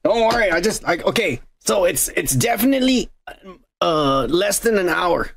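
Gravelly high-voiced guy swearing casually. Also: animated, normal speed. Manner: profane, loose and laughing. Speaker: podcast co-host. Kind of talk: casual chat over beers.

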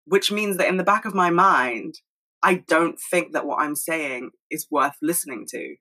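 A young woman talking fast and rambling in a casual monologue at home, swearing freely. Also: lowish voice, animated, sharp tone, rough recording. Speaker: solo podcast host.

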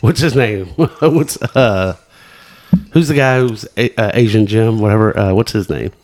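A man in casual chat about a movie, talking eagerly and a bit haltingly, often searching for words. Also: on the low side, a little mellow.

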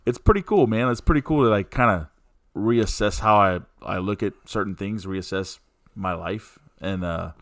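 A man's voice: fairly low pitch, normal speed, fairly bright tone, no room sound, clean studio sound. A man hosting a casual podcast, talking in an easygoing, rambling way with lots of fillers. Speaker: podcast host.

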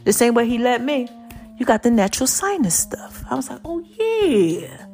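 A woman's voice: a little high, fairly quick, a little mellow, faint music behind. Breathless New woman preaching. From Brooklyn. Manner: preachy, chatty, sings snatches. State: short of breath. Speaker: podcast host. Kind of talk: casual motivational chat.

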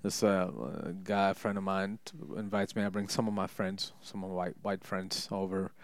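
Deep gravelly man telling joking stories. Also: fairly even intonation, moderate pace, no echo. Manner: rambling, joking, many fillers and restarts, laughs at own stories. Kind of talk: casual storytelling chat.

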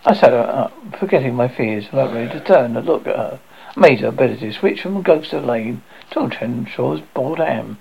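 A man's voice: medium pitch, animated, a little fast, gravelly, husky, highs cut off. A man narrating his memoir aloud in a wry, self-mocking way. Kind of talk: memoir reading.

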